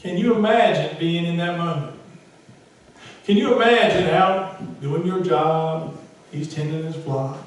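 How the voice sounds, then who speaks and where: A male pastor preaching a sermon with a conversational, self-deprecating manner, sometimes rising to loud emphasis. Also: on the high side, measured pace, heavy reverb, distant mic, rough recording. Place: church sanctuary.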